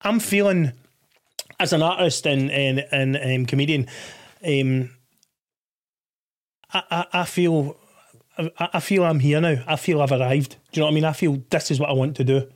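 Male podcast host, high and lively, loose and sweary. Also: moderate pace, long pauses. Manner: swears freely, animated, laughs often. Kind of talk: casual chat.

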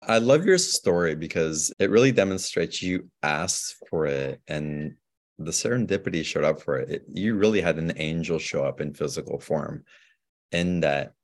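A man, a podcast guest, speaking about spirituality in a calm, measured, reflective way. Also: a bass voice.

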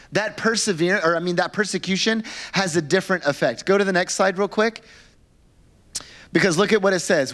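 In a church, a male pastor with a high voice preaches a sermon in an animated, conversational storytelling style, full of fillers and repeated words.

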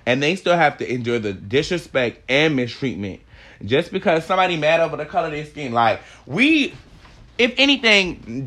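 A man's voice: on the high side, fairly bright tone. Heated, swearing man ranting. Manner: emphatic, profane, ranting. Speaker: podcast host. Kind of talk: heated opinion monologue.

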